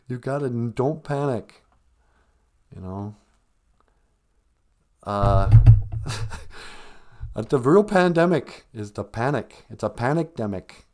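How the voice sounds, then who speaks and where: A man's voice: medium pitch, lively intonation, slow, pauses often, a little mellow. A man hosting a comedy podcast, ranting in a sarcastic, mocking way. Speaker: podcast host. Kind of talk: satirical comedy rant.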